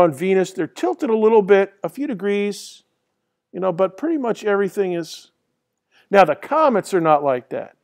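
Male lecturer, high-pitched, loose and chatty with lots of ums. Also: vocal fry, a little mellow. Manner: rambling and conversational, many fillers and restarts. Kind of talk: classroom lecture. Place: lecture hall.

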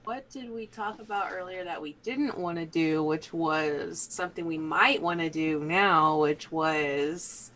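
A woman playing a tabletop role-playing game, animated and laughing often. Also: deep voice, a little slow, few pauses. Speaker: player. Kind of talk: tabletop role-play chat.

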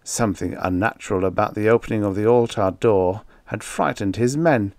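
A man reads a vintage horror tale in the first person, measured and grave. His voice is low and close, with a dry, roomless sound. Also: a little mellow, no echo. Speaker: audiobook narrator. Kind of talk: scripted first-person narration of a horror story.

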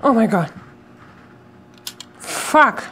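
A woman narrates her own gameplay in a let's play, voice on the high side with big pitch swings and drawn-out words over background noise. She swears a lot, yelps and shrieks at scares, and talks both to herself and to her viewers.

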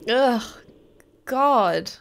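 A young woman commentating her first playthrough of a game, chatty and quick to shriek and laugh at what happens. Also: a little high, expressive, creaky, background noise. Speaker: gaming streamer. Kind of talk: let's play commentary.

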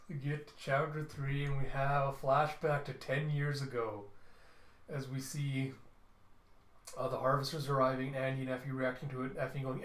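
A man's voice: medium pitch, little pitch movement, moderate pace, long pauses, reverberant. A man reading through a comic book, narrating the panels and voicing each character as he goes. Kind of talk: dramatic comic readthrough.

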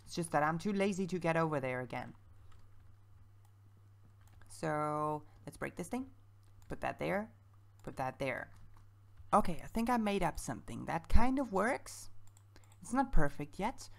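Gravelly low-voiced woman thinking aloud. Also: animated, measured pace, long pauses. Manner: thinks aloud, chatty and self-mocking. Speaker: let's-play creator. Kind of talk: casual gameplay commentary.

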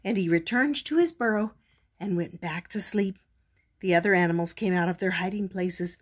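An older woman reading a picture book aloud as a storytelling grandmother, gentle and expressive. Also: lowish voice, normal speed, breathy edge.

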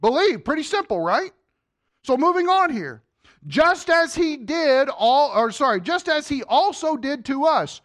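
A male pastor preaching a sermon, quizzing the congregation and dropping to a quiet voice for emphasis. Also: a little slow. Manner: animated, asks the congregation questions; drops to a low, quiet voice for emphasis. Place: church sanctuary.

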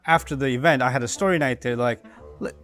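In a casual comedic monologue, a man playfully guesses at the meanings of words from a slang list, thinking aloud and joking about his own guesses. He has a mid-range voice, speaks quickly, sounds a bit bright, and faint music plays behind him.

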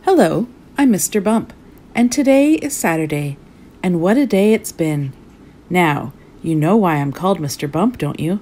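A woman reading a storybook as a clumsy, cheerful male character, telling his own tale of mishaps in a lively, rueful way. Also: lowish voice, moderate pace.

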